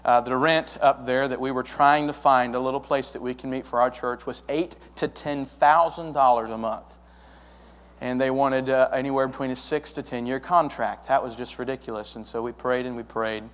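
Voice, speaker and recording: Young guy giving a folksy church testimony, middle pitch, big echoey sanctuary. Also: fairly even intonation, moderate pace, a bit bright. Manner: folksy storytelling, acts out dialogue. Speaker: church planter pastor. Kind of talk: testimony to a congregation. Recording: long hall reverb.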